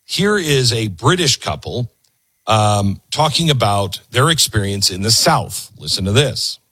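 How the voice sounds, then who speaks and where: A man's voice: fairly low pitch, big pitch swings, a little slow, pushed and bright, slightly rough, dry recording. A man hosting a show, commenting emphatically on video clips he plays. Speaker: host.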